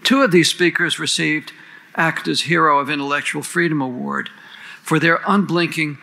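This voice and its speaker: Gravelly, bright-voiced man giving a formal speech. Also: fairly high pitch, normal speed, rough recording. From United States. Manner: earnest, rhetorical, lists and questions. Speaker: panel moderator introducing speakers.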